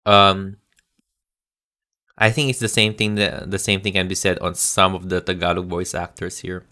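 A man's voice: low-pitched, flat delivery, moderate pace, pushed and bright. A Filipino man with a Filipino accent giving a casual spoken review, hesitant and full of ums and restarts. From Philippines. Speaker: show reviewer.

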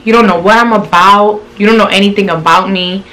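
A woman's voice: medium pitch, fairly even intonation, a little fast, few pauses, bright, forceful tone. A young woman, telling a storytime vlog in a blunt, slangy, profane way. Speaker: channel host.

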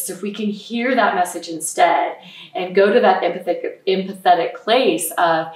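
A woman parenting expert giving calm, explanatory advice in an interview, acting out what parents might say. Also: medium pitch, moderate pace. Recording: roomy echo, mic at a distance.

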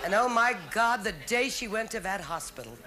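A woman's voice: on the high side, lively intonation, moderate pace, noisy background. A middle-aged woman doing a bawdy stand-up routine, talking straight to the audience. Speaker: stand-up comedian. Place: theater stage with a live audience. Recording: 1970s TV special, loud crowd laughter.

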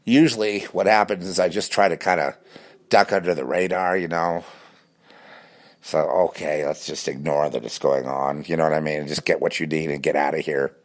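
A man talking in a rambling, animated casual monologue with many restarts. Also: extremely low pitch, normal speed.

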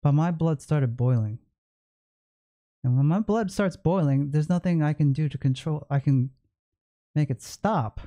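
A man's voice: on the high side, a little slow, long pauses, mellow. A man telling a personal story to the camera with emphatic repetition. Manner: emphatic, repeats himself. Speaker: vlogger. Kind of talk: storytelling vlog.

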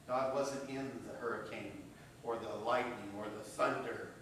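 A male pastor preaching a sermon, rising to loud emphasis and dropping to hushed tones, often asking "right?". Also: medium pitch, steady tone, normal speed, far from the mic. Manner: asks the congregation "right?" often. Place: church hall. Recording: very echoey room, voice from off-mic, faint hum.

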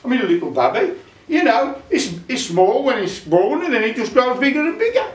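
A cheeky Black Country countryman, as a storyteller plays him, refusing to be impressed. The voice is high and lively, carried through an echoey club from a distance. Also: a little fast, heavily acted. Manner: cheeky, unimpressed. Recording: roomy club sound from afar.

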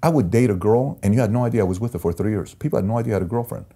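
Man, gravelly low voice, dark tone, candid storytelling, emphatic. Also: rapid-fire. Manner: emphatic, repeats phrases for effect. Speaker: interview guest.

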